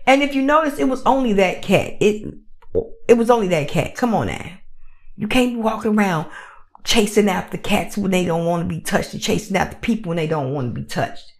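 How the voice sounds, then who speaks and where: A woman's voice: mid-range voice, a little fast. A woman hosting a podcast, talking casually and animatedly, repeating herself and acting out little voices. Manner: animated, repetitive, acts out voices. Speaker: podcast host. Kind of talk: casual commentary monologue.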